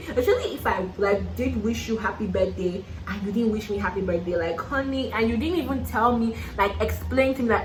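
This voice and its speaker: A woman's voice: medium pitch, fairly quick, few pauses, reverberant, poor audio. A young Nigerian woman with a Nigerian accent, chatting casually and sassily while getting ready, laughing often. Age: young adult. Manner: sassy, playful, laughs often, calls listener "honey". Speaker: YouTuber. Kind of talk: casual get-ready-with-me chat.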